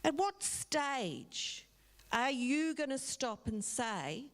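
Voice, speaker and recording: A woman's voice: on the high side, expressive, takes it slowly. A middle-aged woman giving a public talk as a guest speaker, telling a vivid story and speaking directly to the audience. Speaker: guest speaker from a drug foundation.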